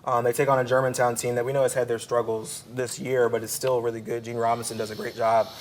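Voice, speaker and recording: A man co-hosting a studio sports show, upbeat and teasing as he previews high school football games. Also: little pitch movement, fast, a little hiss or hum.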